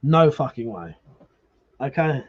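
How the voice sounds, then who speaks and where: A man's voice: mid-range voice, big pitch swings, slow, muffled recording, slight background noise. A man hosting a casual live stream, arguing animatedly, swearing freely and reading viewer comments aloud. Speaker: livestream host.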